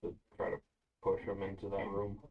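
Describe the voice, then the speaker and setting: A man's voice: sits low, completely flat delivery, moderate pace, phone-quality sound, slight background noise. A man playing in a tabletop game, talking casually and unhurriedly about his moves. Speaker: player.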